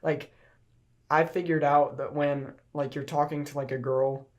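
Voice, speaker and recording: Young male co-host with a slightly high voice, rambling casual storyteller. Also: flat delivery, a little slow, lo-fi sound. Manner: rambling storyteller, many "like" and "um" fillers. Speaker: podcast co-host. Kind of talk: casual chat.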